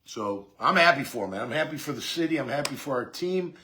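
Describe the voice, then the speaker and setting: A man's voice: mid-range voice, expressive, fast, pushed and bright, a little hiss or hum. A man hosting a sports talk show, giving a casual, rambling monologue full of fillers and restarts. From Jacksonville area.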